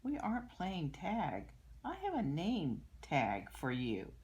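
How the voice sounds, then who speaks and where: A woman's voice: fairly low pitch, wildly swooping pitch, takes it slowly, a little mellow, exaggerated voice. A woman voicing a cheerful, patient schoolteacher in a storybook reading.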